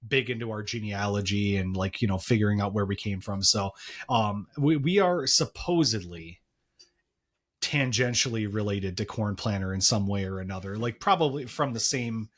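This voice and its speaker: A man's voice: on the low side, moderate pace. A man co-hosting a marketing podcast, talking casually with many fillers and restarts. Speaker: podcast co-host.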